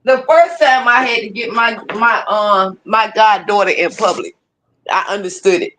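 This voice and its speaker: A woman telling stories in casual chat, profane and lively, laughing often. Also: medium pitch, normal speed, slight background noise.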